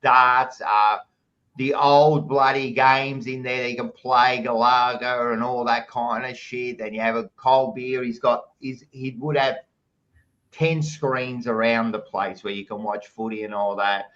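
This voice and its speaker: A man's voice: medium pitch, steady tone, measured pace, fairly bright tone, highs cut off. An Australian man hosting a podcast, chatting casually and reading out live chat messages with jokey, blokey banter, calling everyone mate. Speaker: podcast host.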